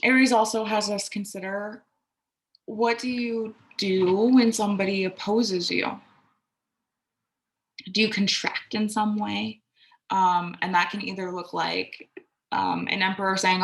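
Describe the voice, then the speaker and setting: A woman's voice: medium pitch, flat delivery, measured pace. A young adult woman giving a reflective, casual self-care talk, candid and conversational, who swears now and then and acts out quoted voices. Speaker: astrology and self-care podcaster.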